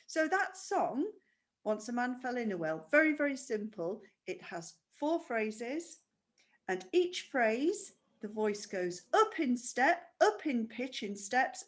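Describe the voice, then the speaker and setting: A woman's voice: on the high side, fairly bright tone. A woman teaching a primary school music lesson online, patient and explaining step by step with questions.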